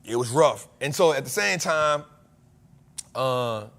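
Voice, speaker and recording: A man's voice: medium pitch, expressive, slow, gravelly, fairly bright tone. A man, the host of a show, telling a story in a casual, slangy way and laughing often. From United States.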